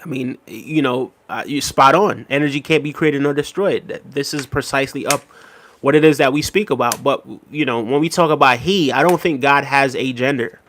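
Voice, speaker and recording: Casual male live-stream host, mid-pitched and laid-back, chatting loosely with viewers. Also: normal speed. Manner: relaxed, conversational, laughs often, frequent "right?" and "big up". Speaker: livestream host reading chat.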